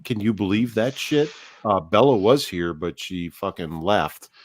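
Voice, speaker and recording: Male stream host, low and lively, loose and profane. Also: a little slow, dry recording. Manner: profane, rambling, jokey. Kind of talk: casual live-stream chat.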